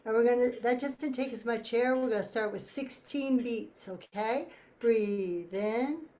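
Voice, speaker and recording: A woman leading a choir through breathing warm-ups, counting beats and giving calm instructions. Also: a little high, unhurried. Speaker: choir leader. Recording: faint ticking metronome.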